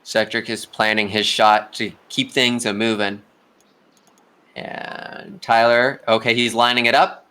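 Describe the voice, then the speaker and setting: Bright-voiced casual game commentator. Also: male voice, mid-range voice, fairly even intonation, measured pace, clear, resonant tone. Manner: casual, chatty, talks to players directly. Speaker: tournament commentator. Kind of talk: live play-by-play commentary.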